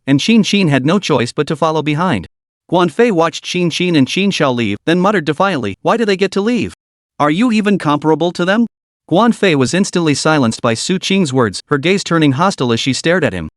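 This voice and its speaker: A man narrating a comic recap in a steady, dramatic storytelling manner. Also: on the high side, normal speed, no echo, clean studio sound.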